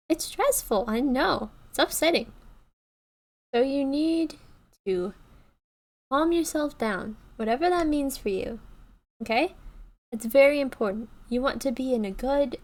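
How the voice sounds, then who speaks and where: Earnest woman giving advice, higher voice. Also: a little mellow. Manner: earnest, repeats okay and right, frequent restarts. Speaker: YouTube creator. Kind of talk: casual advice talk to camera.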